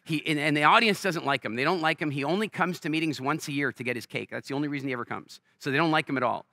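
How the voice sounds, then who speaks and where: A man's voice: on the high side, very fast, no echo, clean studio sound. A man giving a motivational talk on a festival stage, telling stories energetically and acting out the people in them. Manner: energetic storyteller, acts out quoted voices. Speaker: keynote speaker.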